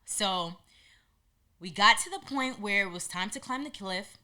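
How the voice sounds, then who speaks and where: A woman hosting a podcast, telling a personal story in an animated way and acting out what people said. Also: mid-range voice, unhurried. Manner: animated, acts out quotes in lively voices. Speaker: podcast host.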